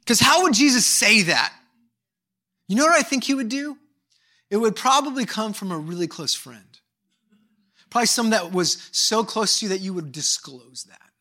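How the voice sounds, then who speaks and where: Animated, bright-voiced male pastor. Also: high-pitched, moderate pace. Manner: animated storytelling, swings from hushed to emphatic. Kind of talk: sermon. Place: church service.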